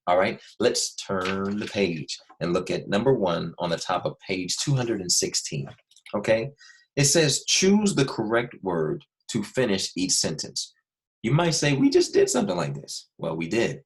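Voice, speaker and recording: Patient deep-voiced male teacher. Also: big pitch swings. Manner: patient, repeats key points slowly. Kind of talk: recorded video lesson for young students.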